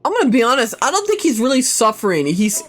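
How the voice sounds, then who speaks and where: A man's voice: very high voice, very animated, quick pace, a bit bright. A young man streaming a game, chatting casually in a rambling, profane way, cutting himself off mid-thought. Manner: rambling, profane, self-interrupting. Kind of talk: casual gameplay streaming chat.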